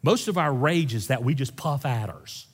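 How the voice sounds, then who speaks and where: Folksy pastor preaching in a hall. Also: male voice, mid-range voice, moderate pace, slightly rough. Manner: folksy, animated, swings between loud and hushed. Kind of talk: sermon. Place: church sanctuary. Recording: long reverb in a large hall.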